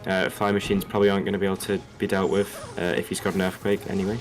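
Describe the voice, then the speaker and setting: A man with a low voice and a general English accent touched by an Australian twang co-casts an esports match. He talks fast and breaks down each play analytically. Music plays clearly behind him. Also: monotone. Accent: general English with slight Australian twang. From Liverpool, England. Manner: quick, analytical. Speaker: co-caster. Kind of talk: esports commentary.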